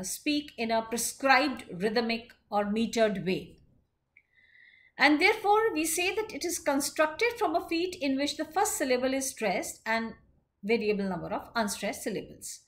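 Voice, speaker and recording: A woman giving a literature lecture in a measured explaining manner, pausing often with fillers. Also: on the high side, a bit bright. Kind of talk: classroom lecture.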